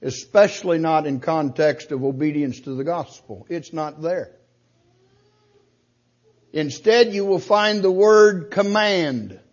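Older guy preaching, husky slightly high voice, lots of pointed questions, dull old church tape. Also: takes it slowly. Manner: emphatic, rhetorical questions, rising to loud stresses. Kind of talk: sermon.

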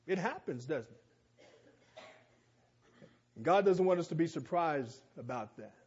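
A man with a high voice delivers a sermon at an unhurried pace. He reads scripture and drives his points home through slow, emphatic repetition. The recording sounds slightly dull and lo-fi. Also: expressive, darkish tone, breathy edge. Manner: slow, emphatic delivery with repeated phrases and rising exclamations. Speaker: preacher.

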